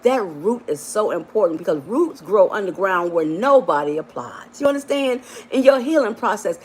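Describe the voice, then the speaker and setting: Speaking at a moderate pace with a darkish tone, this animated life coach streams a motivational talk live. She's warm and insistent, says things over and over, calls her audience honey and baby, and climbs to high exclamations.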